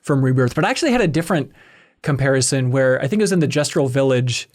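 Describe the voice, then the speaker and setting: A man hosting a podcast, telling stories about a game in an upbeat, animated way. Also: medium pitch, fast talker. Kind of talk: casual chat.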